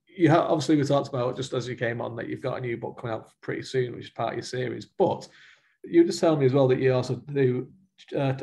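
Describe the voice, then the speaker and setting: Chatty Mancunian man hosting, slightly gravelly. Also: medium pitch. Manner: chatty, rambling, animated with hands. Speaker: podcast host. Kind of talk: casual video-call interview.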